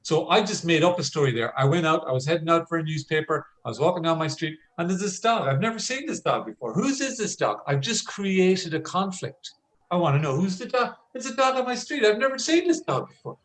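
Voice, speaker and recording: Male storytelling coach on a video call, fairly high voice, animated and theatrical, restarts often. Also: fairly quick, poor audio. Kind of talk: conversational talk on a video call.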